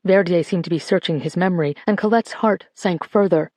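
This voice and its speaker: An audiobook narrator reading a novel in steady scripted narration. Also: medium pitch, a little fast, hardly any pauses, dry recording.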